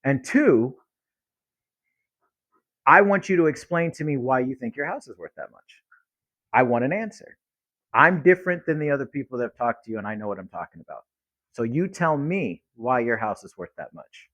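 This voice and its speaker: A man's voice: medium pitch, animated, normal speed, pauses often, a bit bright, no room sound. Guy teaching how to talk to home sellers, direct and no-nonsense, dry mic. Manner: blunt, acts out both sides of calls. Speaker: real estate sales coach. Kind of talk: teaching monologue with acted phone lines.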